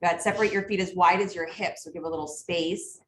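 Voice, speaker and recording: A woman leads a yoga class, calling out each pose and breath in short, brisk cues with steady praise. Her voice sits a little low and comes from some distance in an echoey studio, with a faint hum of room sound behind her. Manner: brisk cueing with frequent encouragement. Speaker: yoga teacher. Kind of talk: live yoga class instruction. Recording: echoey room, mic far off.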